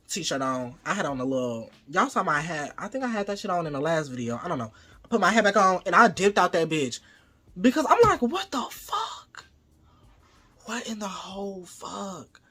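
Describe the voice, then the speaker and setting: A man with a bright, forward voice tells a storytime tale straight to camera. His delivery is loose and profane, and he slips into acting out what he said in the moment. It sounds like casual vlog talk. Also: on the high side. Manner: profane, animated retelling, acts out his own quoted lines. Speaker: vlogger.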